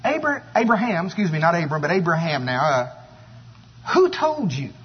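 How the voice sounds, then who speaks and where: A man's voice: on the high side, very animated, quick pace, husky. A man playing a skeptical old desert neighbor, asking in a raised, incredulous voice. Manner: incredulous, polite yet doubting. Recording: echoey hall, dull sound.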